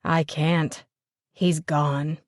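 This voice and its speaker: A gentle, simple-minded grown man, as a woman reads him, childlike and fretful, repeating his plain words over and over. The voice drops lower than the narration and sits close and dry in the audiobook. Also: level tone, drawn-out words, no echo. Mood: troubled. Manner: plain repetitive speech.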